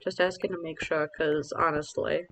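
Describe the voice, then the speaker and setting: A man's voice: fairly high pitch, level tone, moderate pace, fairly bright tone, a little hiss or hum, low-quality recording. A man streaming a game live, chatting casually and rambling with self-mocking asides to his viewers.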